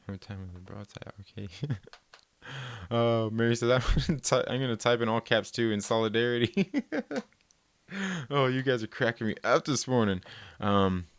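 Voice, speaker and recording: A man's voice: mid-range voice, a little slow, long pauses, clear, resonant tone. A man, hosting a casual live stream, rambling and reading viewer comments with lots of laughs. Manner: rambling, laid-back, laughs often.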